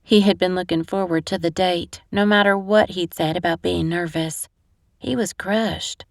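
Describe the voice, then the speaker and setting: A woman's voice: lowish voice, steady tone, moderate pace, vocal fry, no echo, studio quality. Woman narrating a romance audiobook. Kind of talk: first-person audiobook narration.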